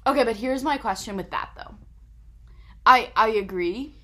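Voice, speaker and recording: A young woman co-hosting a podcast in casual chat, questioning points in quick back-and-forth. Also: a little high, fairly bright tone. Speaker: podcast co-host.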